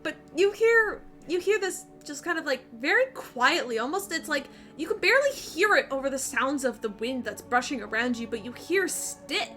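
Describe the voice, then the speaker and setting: A woman's voice: high-pitched, animated, moderate pace, hardly any pauses, bright, forceful tone, soft background music. A woman game master narrating a tabletop game over an online voice call, describing scenes with fillers and restarts.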